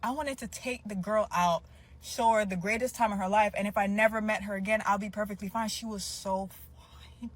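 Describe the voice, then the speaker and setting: A woman in a casual confessional video, gushing in an animated, playful way with long drawn-out exclamations. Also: mid-range voice. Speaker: woman in a reacted-to clip.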